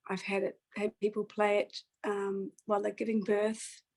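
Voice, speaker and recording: Woman guest, storyteller, even level delivery, earnest and reflective with pauses. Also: medium pitch, rough recording. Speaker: singer-songwriter guest. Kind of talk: personal storytelling in a conversation.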